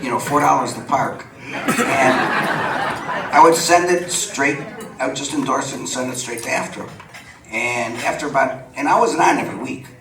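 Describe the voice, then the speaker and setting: On stage at a supper club, an older guest storyteller with a medium-pitched voice chats with the audience, laughs often, and acts out quoted dialogue. The distant mic captures roomy venue sound and background noise.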